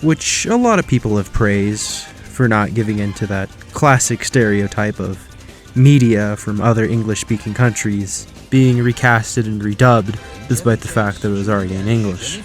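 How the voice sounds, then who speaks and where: A man's voice: on the low side, moderate pace, loud music behind the voice. A man hosting a comedy video, delivering a profane, over-the-top rant of mock outrage. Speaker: comedy YouTuber host.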